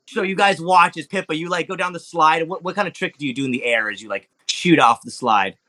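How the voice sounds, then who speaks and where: A man narrating as game master, animated, with sound effects and lots of fillers. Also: a little high, a little fast.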